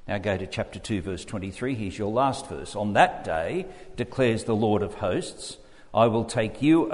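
A man's voice: on the low side, darkish tone. A man with an Australian accent, preaching a sermon and reading scripture aloud as he teaches through the text. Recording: echoey hall with long reverb.

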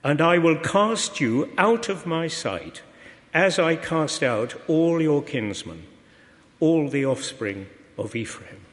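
A man reading scripture aloud in a measured, solemn, expressive way. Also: fairly high pitch, big-room sound. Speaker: scripture reader.

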